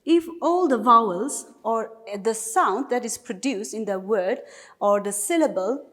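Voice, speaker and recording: A woman with a Nagaland accent teaches an English lesson at a steady classroom pace. Her voice sits a bit high, and she explains each point patiently with repeated examples. A long reverb trails her words. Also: a little slow.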